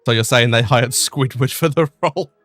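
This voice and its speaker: A man's voice: mid-range voice, normal speed, fairly bright tone, dry recording, soft background music. A young man streaming a video game, chatting casually, self-mocking and full of fillers. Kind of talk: casual chat over gameplay.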